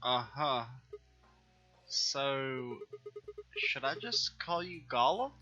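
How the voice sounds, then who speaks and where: Brief: a male gaming host, joking and self-deprecating, with a sharp, bright voice and a lively pitch. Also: very slow, muffled recording, faint music behind. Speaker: let's play host. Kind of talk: casual gameplay commentary.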